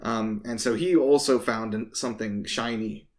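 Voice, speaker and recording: A man's voice: lowish voice, moderate pace, voice pushed down, close to an everyday voice. A man voicing a tall, skinny male town guard who is out of breath and stammers out rambling excuses. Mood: flustered.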